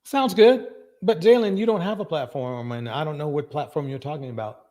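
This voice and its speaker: Male livestream reaction host, fairly high-pitched, emphatic, repetitive. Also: lively intonation, fast talker. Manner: emphatic, repeats phrases, loud bursts of agreement. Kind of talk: live reaction commentary.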